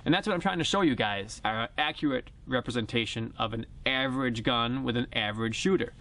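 Speaking through a directional mic fixed to the camera, a man gives a jokey, plain-spoken airgun review at an outdoor shooting range for his casual vlog. He's chatty, with a medium-pitched, slightly bright voice and a somewhat fast delivery.

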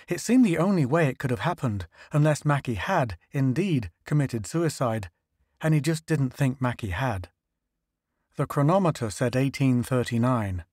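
This is scripted narration from a male audiobook narrator with a steady delivery. He speaks at a moderate pace in a medium pitch. The sound is studio quality, free of any room sound.

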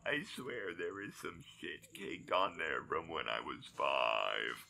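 A crude, boastful desert thief woman speaks in a slow, grinding robotic drone, as a man puts her on. The voice sits very low and gravelly, with a sharp, bright edge and big swoops in pitch. It is a comic gag voice over a video game. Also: very animated, heavily acted. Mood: crude boasting.

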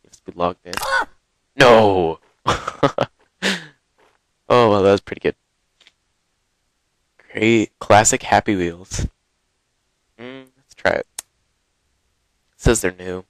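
A man giving live, excitable commentary while playing a game, exclaiming and gasping often, recorded on a headset. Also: fairly low pitch, takes it slowly, pauses often, slight background noise. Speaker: gaming video host.

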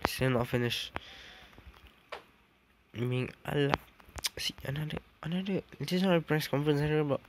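Noisy hiss and clicks sit under this casual game walkthrough by a young male gaming vlogger. His voice is fairly high and his speed normal, with long pauses, as he rambles through a game build, corrects himself, and says "dude" frequently.

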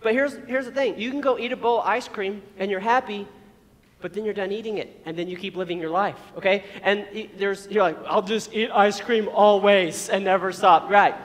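Brief: male pastor with a high voice, preaching casually and playfully in a church hall with long reverb. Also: fairly quick, a bit bright. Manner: casual, joking preaching with asides. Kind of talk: sermon.

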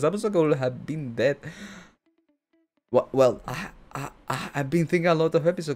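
Excitable man reacting to anime. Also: a little high, normal speed, faint music behind. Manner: excitable, rambling, breaks into laughs and exclamations. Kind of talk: casual reaction commentary.

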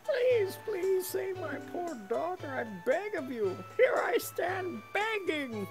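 Player voicing a distraught old father, wailing, pleading, wild swoops of pitch. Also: sing-song, slow, over music, heavily acted. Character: distraught elderly father of a captured girl.

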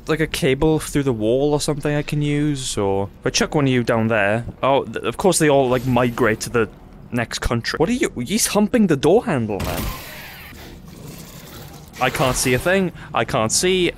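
A man's voice: medium pitch, expressive, a little hiss or hum. A young man, commentating a game casually, swearing often and laughing easily. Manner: chatty, swearing, quick to laugh. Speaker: gaming YouTuber. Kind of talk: casual let's-play commentary.

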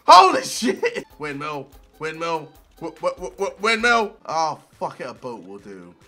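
A young man giving loud, profane gameplay commentary, shouting and yelping at the game. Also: on the high side, wildly swooping pitch, unhurried, soft background music. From England. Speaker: gaming video creator.

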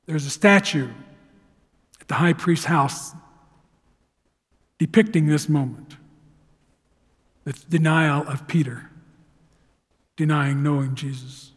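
High-voiced pastor preaching in a reverberant church. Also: male voice, takes it slowly, long pauses. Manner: storytelling, dramatic swings from loud to hushed. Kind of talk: sermon. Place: church sanctuary. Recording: long hall reverb.

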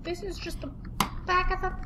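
A woman's voice: extremely high pitch, flat delivery, moderate pace, very noisy. A woman commentating a horror game she is playing, swearing and frustrated, with sudden shrieks. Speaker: let's play gamer.

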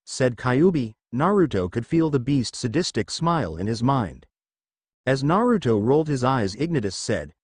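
A man reads a fan-written story aloud with steady, expressive narration. His intonation moves in a lively way around a middle pitch. The audio is dry, with no room echo. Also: normal speed, husky. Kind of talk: fanfiction reading.

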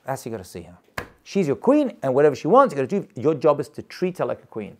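A male rabbi gives an informal class to a small live group. His pitch sits in an ordinary middle range but rises and falls with wide, lively swings. He speaks emphatically, repeats himself to drive points home, and chuckles now and then. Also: fast, a little hiss or hum.

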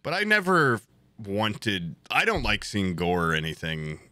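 A man co-hosting a podcast in casual comedic chat, animated, acting out other people's voices as he tells stories. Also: on the low side, measured pace, no echo. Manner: animated storyteller, acts out voices and yells for laughs. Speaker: podcast co-host.

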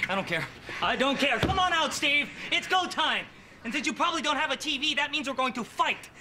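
High, lively shouting hothead, noisy recording. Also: male voice, fairly quick. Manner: loud, cocky, shouting. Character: brash high-voiced man, jealous boyfriend and pub tough.

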